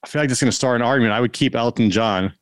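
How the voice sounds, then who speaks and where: A man's voice: medium pitch, very fast, clean tone, dry recording, clean studio sound. A man from South Africa with a South African accent, joking around and rambling in a casual podcast chat. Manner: joking, rambling with many restarts. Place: Texas.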